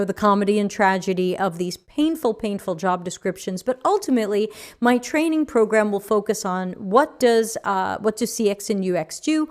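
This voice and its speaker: A woman with a New York accent hosting a livestream, chatting casually and reading viewer comments aloud with frequent fillers. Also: on the high side. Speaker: podcast host.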